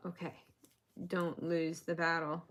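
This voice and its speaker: A woman on a casual crochet livestream counts stitches aloud and laughs between lines as she chats to viewers. Her low voice is monotone and a bit bright, and she takes it slowly.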